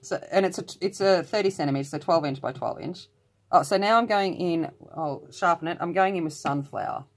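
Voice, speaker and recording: Chatty woman, low voice, rambling colour-along vlog host. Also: fairly quick.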